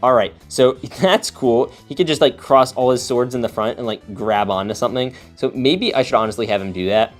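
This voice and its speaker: A young man hosting a casual toy unboxing, talking in an excitable, slangy way as he reacts while building. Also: medium pitch, fairly quick, hardly any pauses, soft background music.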